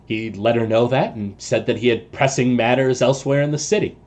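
A man's voice: medium pitch, brisk, darkish tone, lightly acted. A man voicing a nervous, formal male house servant in a tabletop game, speaking hesitantly and adding "sir" often. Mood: deferential.

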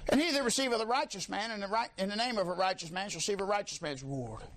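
A man preaching a sermon, fiery, swinging from low talk to high shouts.

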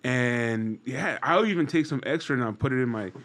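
A man's voice: mid-range voice, moderate pace, fairly bright tone. A man co-hosting a casual chat show, laid-back and calling people "bro" and "man".

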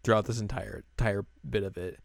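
A man casually recapping an anime episode, acting out the characters' lines in livelier, higher voices. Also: fairly quick, gravelly, dry recording. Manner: animated retelling, acts out characters' lines in raised voices. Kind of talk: casual chat.

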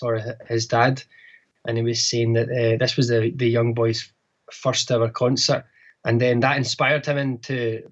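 A Scottish man from a bagpipe band, answering interview questions in a halting way with many restarts. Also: mid-range voice, slightly rough. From Scotland. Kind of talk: casual interview. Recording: muffled lo-fi line.

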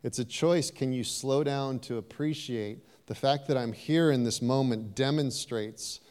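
A man preaching a sermon, animated and playful, acting out little voices and joking with the congregation. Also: mid-range voice, a little slow. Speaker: pastor. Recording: long hall reverb.

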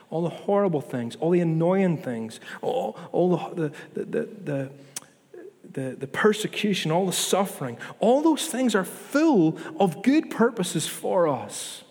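A man's voice: a little high, a little mellow. A man, preaching a sermon in an earnest, conversational way to his church. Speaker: pastor. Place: church hall. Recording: long hall reverb.

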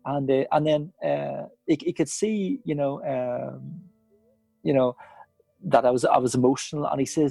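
Gravelly, husky man, earnest. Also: fairly high pitch, a little fast, warm tone, dry recording, soft background music. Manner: earnest, reflective storytelling. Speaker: podcast guest. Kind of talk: casual conversation.

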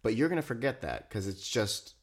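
A man's voice: mid-range voice, big pitch swings, a little fast. A man co-hosting a podcast, chatting casually and enthusiastically, swearing freely. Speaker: podcast co-host. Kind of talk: casual chat.

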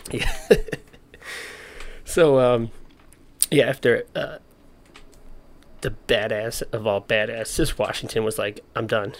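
A man's voice: medium pitch, slow, gravelly, long pauses. A young man casually explaining history, with slangy, joking asides. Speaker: history presenter.

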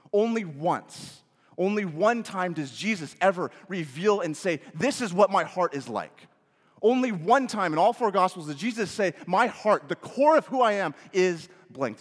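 Male pastor preaching, slightly high voice, swings between emphatic questions and hushed phrases, long reverb. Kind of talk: sermon.

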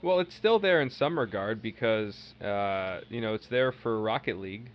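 A man's voice: on the low side, lively intonation, moderate pace. A man co-hosting a casual podcast chat, rambling and using many fillers. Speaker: podcast co-host. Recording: dull lo-fi audio with faint hiss.

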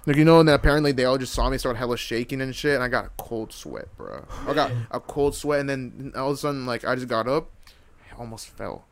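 A young man in casual chat, telling an animated story full of slang and swearing. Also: mid-range voice, fast talker, vocal fry.

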